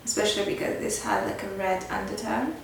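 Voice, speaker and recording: Talking fairly quickly in a creaky, mid-range voice, a woman beauty vlogger walks through a makeup tutorial, sprinkling "like" and "kinda" everywhere. The recording comes from a distant mic in a very echoey room, with faint noise in the background.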